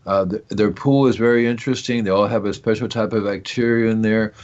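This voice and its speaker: Rambling, jokey radio garden-show host. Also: male voice, lowish voice, steady tone, a little fast, darkish tone, lo-fi sound. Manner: rambling, jokey, talks to himself. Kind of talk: casual call-in gardening talk.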